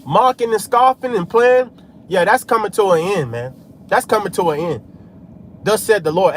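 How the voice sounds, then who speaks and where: A man's voice: high voice, animated, moderate pace, slight background noise. A man preaching in a casual street style, scattering "man" and "hey" through his talk while he drives. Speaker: religious vlogger.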